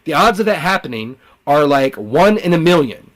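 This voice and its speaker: A man voicing a mocking male tormentor who talks about him in the third person, in excited, jeering bursts. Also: fairly high pitch, normal speed, pitched above the performer's own voice. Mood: gloating.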